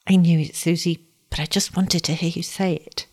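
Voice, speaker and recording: A woman reading a storybook voices a frail young blind boy in a high, soft, pleading tone. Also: fairly even intonation, normal speed, natural voice. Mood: eager.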